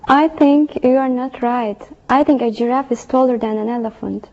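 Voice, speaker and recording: A woman's voice: fairly high pitch, moderate pace, darkish tone, lo-fi sound, natural voice. A woman voicing an adult student who answers confidently and directly in a scripted classroom exchange.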